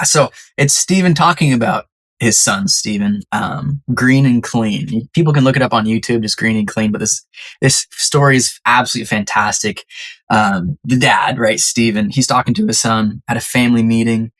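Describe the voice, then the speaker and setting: A podcast guest telling a story in a lively, conversational way and acting out the quoted lines. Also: mid-range voice, moderate pace. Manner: animated storyteller who acts out quoted lines.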